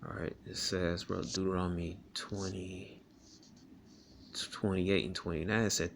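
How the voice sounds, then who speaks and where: A man's voice: deep voice, steady tone, unhurried, vocal fry, fairly bright tone, a little hiss or hum. A man reading Bible verses aloud and explaining them in a casual, rambling way, often tagging "man, all right?" onto his sentences. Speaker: scripture teacher. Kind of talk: casual scripture study talk.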